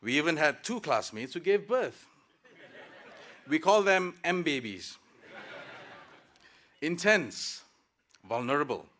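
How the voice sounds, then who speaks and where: A man's voice: medium pitch, a bit bright. A man, a working professional in his thirties, gives a prepared graduation speech at a podium microphone, formal and dotted with light jokes. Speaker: student speaker at graduation. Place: graduation ceremony.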